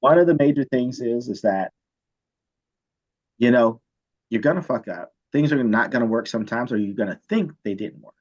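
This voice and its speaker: Man, chemistry lecturer, chatty storytelling, keeps asking "right?", mid-pitched voice, dull lo-fi sound. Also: moderate pace, pauses often. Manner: animated, casual, repeats "right?" often. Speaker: chemistry teacher.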